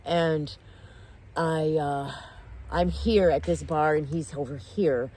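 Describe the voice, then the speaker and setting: A woman telling a personal story in casual podcast chat, animated and intense, restarting her sentences and near tears. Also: deep voice. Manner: animated, intense, self-interrupting, quick to tears. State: tearful. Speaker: guest.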